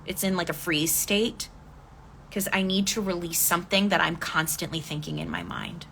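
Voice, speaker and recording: A woman speaking as a decluttering coach in a live coaching talk, gently guiding listeners through reflection and answering their comments. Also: fairly low pitch, normal speed, creaky, slight background noise. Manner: gentle, inviting, reads viewer comments aloud.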